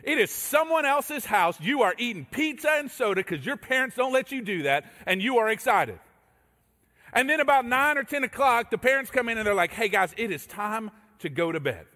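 A high-voiced male pastor delivers a sermon with lively, swooping pitch. He tells stories in an animated way and acts out the voices in them. His voice carries a long echo, as if he is in a large church sanctuary. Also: fairly quick. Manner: animated storytelling, acting out voices. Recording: echoey hall reverb.

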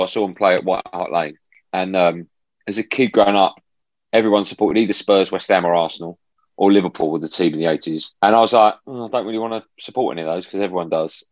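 Man, low voice, lively storyteller, dry close sound, muffled remote line. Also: brisk, no room sound. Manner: animated storyteller, frequent restarts. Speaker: football broadcaster, guest. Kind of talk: casual chat. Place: home room.

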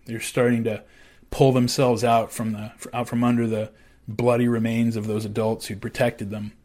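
Man narrating history, conversational and measured. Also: mid-range voice, level tone, a little mellow. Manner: measured, with fillers and restarts. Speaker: podcaster.

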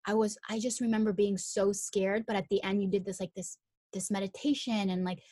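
A woman's voice: mid-range voice, brisk, no room sound, studio quality. A young woman from Miami, an actress, tells an emotional personal story in a chatty way full of "like" and restarts. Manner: animated when retelling, rising excitement. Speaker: guest, actress.

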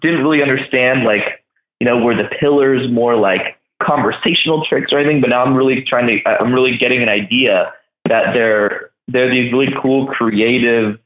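A man hosting a casual chat, laid-back and rambling with lots of fillers. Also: medium pitch. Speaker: host. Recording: echoey, phone-like line.

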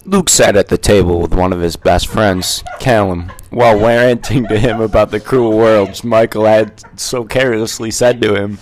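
A man's voice: fairly low pitch, fairly even intonation, normal speed, few pauses. A man reading the narration of a fan story aloud in a plain, matter-of-fact way.

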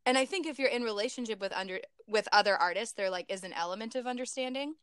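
A woman's voice: on the high side, fast talker, a bit bright, smooth, no echo, studio quality. A young woman in casual reflective chat, talking things through with many fillers.

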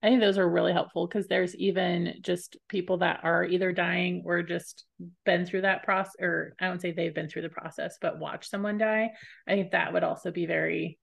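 A woman's voice: fairly low pitch, steady tone, normal speed, gravelly. A woman hosting a podcast interview, chatting casually with frequent fillers. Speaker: podcast host.

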